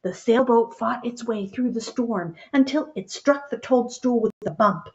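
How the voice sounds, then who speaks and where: Lady reading a kids picture book, slow and singsongy, bit muffled. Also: a little high, a little hiss or hum. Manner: gentle, expressive, pointing out pictures. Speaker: storybook reader.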